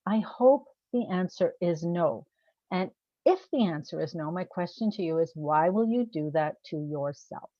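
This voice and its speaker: A woman's voice: fairly low pitch, animated, moderate pace, no room sound. A woman coach talking casually to the camera, posing rhetorical questions and laughing at herself. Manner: conversational, asks rhetorical questions. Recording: dull, dry sound.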